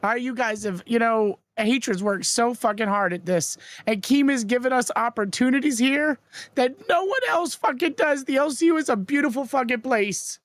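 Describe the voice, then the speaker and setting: A man's voice: very high voice, moderate pace, a bit bright, dry recording. A man co-hosting a stream, crying, speaking in an emotional, deferential way.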